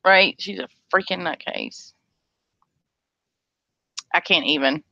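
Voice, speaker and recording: A woman's voice: lowish voice, slow pace, vocal fry, sharp tone, no room sound, highs cut off. A woman hosting a casual livestream chat, blunt and sarcastic as she talks with viewers. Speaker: livestream host.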